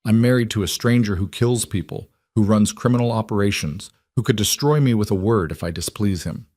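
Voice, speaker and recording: A man's voice: on the low side, a little fast, a little mellow, dry recording, clean studio sound, close to an everyday voice. A man voicing a young bride, bitter and pleading, her voice rising as she confronts her mother. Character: young bride, raw, angry and trapped woman.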